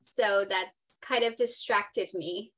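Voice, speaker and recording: A woman's voice: medium pitch, slow. A woman in her thirties, a podcast guest who talks earnestly and with a lot of feeling. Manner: emotional, earnest, expressive. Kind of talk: casual interview chat.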